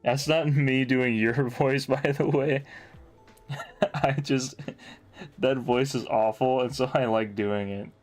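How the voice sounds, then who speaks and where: A man's voice: mid-range voice, steady tone, slow, pauses often, faint music behind. A man streaming casually, chatting with his viewers in a laid-back way with frequent chuckles. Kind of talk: casual chat while drawing.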